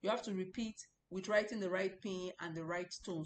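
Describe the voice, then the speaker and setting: A woman's voice: mid-range voice, steady tone, fast talker, few pauses, slight background noise. A woman teaching a Mandarin lesson, patiently explaining and repeating pronunciations. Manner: patient and repetitive, drilling pronunciation aloud.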